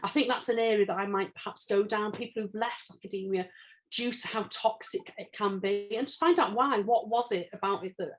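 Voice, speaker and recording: A woman's voice: medium pitch, a little fast. A woman author and senior lecturer being interviewed, speaking earnestly and thinking aloud, often correcting herself mid-sentence. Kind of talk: conversational interview.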